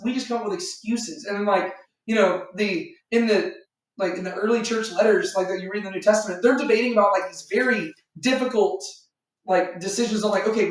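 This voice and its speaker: A man teaching a Bible study in a loose, rambling way, full of fillers, who acts out imagined voices. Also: sits high. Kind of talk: informal Bible teaching to a small group. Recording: echoey room, far from the mic.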